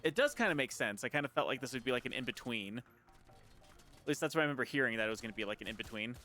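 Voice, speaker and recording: Man, game stream co-host, quick joking remarks, fast pace, casual chat. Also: mid-range voice, expressive, bright, forceful tone, faint music behind.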